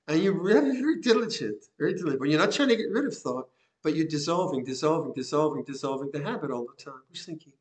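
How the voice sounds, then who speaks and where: An older man, a Buddhist monk, giving a gentle, reflective Dhamma talk with soft laughs and repeated phrases. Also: on the high side, animated, fast talker. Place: monastery hall.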